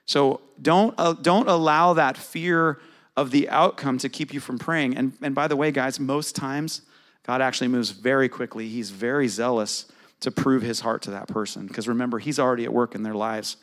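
A man's voice: mid-range voice, fairly even intonation, moderate pace, fairly bright tone. A middle-aged man preaching a sermon in a conversational way, asking his congregation questions. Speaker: pastor.

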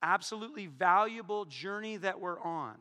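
A married man preaching a sermon to his congregation, joking and swinging between loud calls and hushed asides. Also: high voice, normal speed. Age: adult, married. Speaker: pastor. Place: church hall before a congregation. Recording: long hall reverb.

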